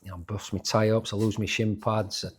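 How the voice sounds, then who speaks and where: A man's voice: fairly low pitch, flat delivery, brisk, husky. A man of around sixty, a former footballer telling stories in an interview, restarting and repeating words as he goes. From England. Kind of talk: storytelling in a sports interview.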